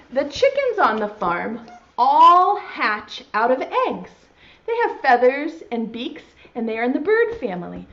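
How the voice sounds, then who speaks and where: A woman leading a virtual preschool circle time as teacher, cheerful and sounding out letters slowly for small children. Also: a little high, muffled recording.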